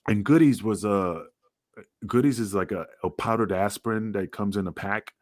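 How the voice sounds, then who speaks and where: A man's voice: moderate pace, no room sound, studio quality. A man, a former wrestler, telling rambling, profane stories in a casual podcast chat. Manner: profane, rambling, acts out quotes in a higher voice.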